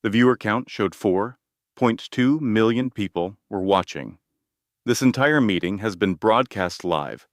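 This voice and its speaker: A man narrating a scripted story with a measured, even delivery. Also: on the low side, no room sound, studio quality.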